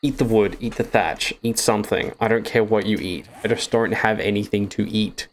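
A man's voice: lowish voice, fairly even intonation, normal speed, a little hiss or hum. A young Australian man with an Australian accent giving jittery, swearing gaming commentary as a streamer, with nervous laughter.

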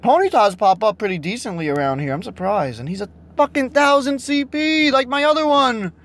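A young man talking to himself while he plays a phone game, frustrated and swearing, a little hoarse from losing his voice. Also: very high voice, expressive, fairly quick, a bit bright. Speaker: vlogger playing a mobile game. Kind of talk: casual vlog commentary.

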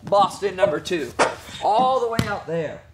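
High-voiced joking jiu-jitsu coach. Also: male voice, lively intonation, measured pace, noisy background. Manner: joking, teasing coach giving technique corrections. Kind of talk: online class instruction. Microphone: video call.

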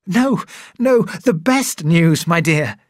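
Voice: mid-range voice, measured pace, no echo, studio quality, pitched above the performer's own voice, natural voice. A reader voicing an eager, earnest young male doctor who talks in a raised, lifted tone.

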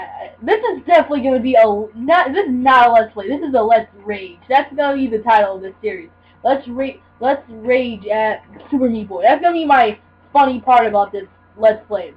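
A young woman commentating her own gameplay, mumbling at times and then yelling and screaming in frustration. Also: poor audio. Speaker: gamer. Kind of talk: let's play commentary. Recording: low mains hum.

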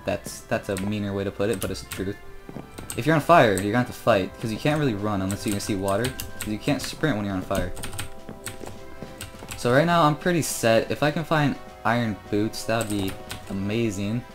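A man's voice: on the low side, brisk, soft background music. Chatty teenage boy gaming commentary. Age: teens. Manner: chatty, self-mocking, gets loud and excited in fights. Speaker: gamer commentating his own play. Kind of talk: casual gameplay commentary.

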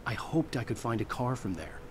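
An actor playing a grim male writer who narrates his own ordeal in measured, somber tones, as scripted game narration. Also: mid-range voice, very animated, natural voice. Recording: game audio with music behind.

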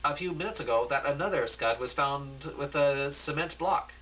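A man's voice: mid-range voice, moderate pace, fairly bright tone, natural voice, poor audio. A man voicing an alarmed female TV news anchor who asks urgent, anxious questions. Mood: curious.

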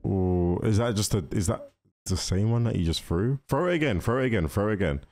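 A man hosting a casual movie reaction, chatty and excitable, talking straight to the characters on screen. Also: lowish voice, a little slow, long pauses. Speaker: reaction video host.

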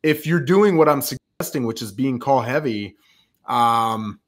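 A man speaking as a podcast guest, a real estate agent explaining his follow-up routine in an energetic, rambling way. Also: mid-range voice, a little slow. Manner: energetic, rambling, acts out quoted calls. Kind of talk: conversational interview.

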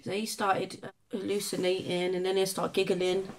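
Woman, podcast guest, animated storyteller, casual and profane, average pitch. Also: normal speed. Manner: animated storytelling, swearing and laughing. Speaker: singer guest.

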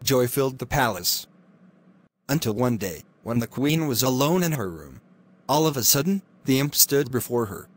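A man's voice: medium pitch, sing-song, moderate pace. Man reading a fairy tale aloud. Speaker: storyteller. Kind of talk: scripted fairy tale narration.

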